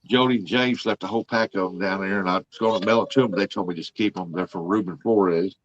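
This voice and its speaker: A man's voice: low voice, fast. An older man, rambling in folksy, easygoing talk as he hosts a casual livestream. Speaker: livestream host. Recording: dull, dry lo-fi audio.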